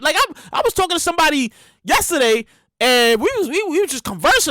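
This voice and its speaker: Lively high-voiced woman podcast host. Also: brisk, no echo. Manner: animated, emphatic, slangy, swears freely. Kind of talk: casual comedic monologue.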